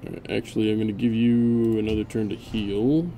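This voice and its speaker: A man's voice: fairly low pitch, little pitch movement, brisk, dark tone, a little hiss or hum. A man hosting a gameplay video, chatting casually and barking mock-grand orders at his units with a sarcastic edge.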